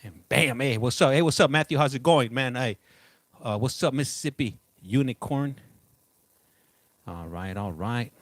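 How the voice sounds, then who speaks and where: A man's voice: medium pitch, moderate pace, no room sound. A middle-aged man hosting a casual live stream, chatting loosely and greeting viewers by name. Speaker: livestream host.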